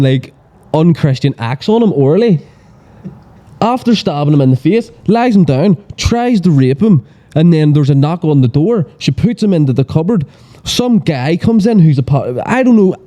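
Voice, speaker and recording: A man with a very deep, dark, mellow voice, talking casually on a podcast. He rambles through sweary stories, packing his sentences with fillers. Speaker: podcast guest. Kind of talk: casual chat.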